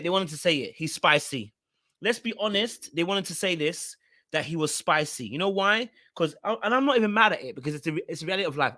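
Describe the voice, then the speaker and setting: Brief: man, talkative recap host, repeats himself, fairly high voice. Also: dry recording, studio quality. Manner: animated, repeats words, talks straight to viewers. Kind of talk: casual commentary recap.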